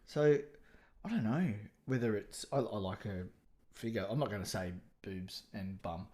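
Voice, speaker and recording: A man's voice: fairly low pitch, moderate pace, a crowd in the background. Playful joke-telling man in his fifties. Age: 50s. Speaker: podcast co-host. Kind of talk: unscripted comedy chat.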